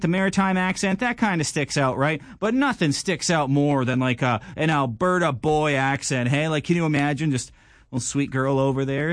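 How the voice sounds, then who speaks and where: A man's voice: a little high, no room sound, clean studio sound. A man, a radio DJ chatting casually and joking, tagging sentences with "hey?". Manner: chatty, jokey, lots of "hey?" tags. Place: radio studio. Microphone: close studio mic.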